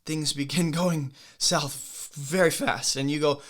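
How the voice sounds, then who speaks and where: A young man giving an informal, earnest sermon, talking conversationally with quick asides. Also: a little high, steady tone. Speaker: preacher.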